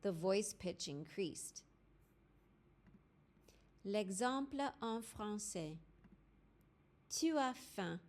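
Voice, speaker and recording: A woman teacher narrating a language lesson, clear and deliberate, spelling out grammar formulas step by step. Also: medium pitch, animated, a little mellow. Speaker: French teacher. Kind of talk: slow instructional lesson narration.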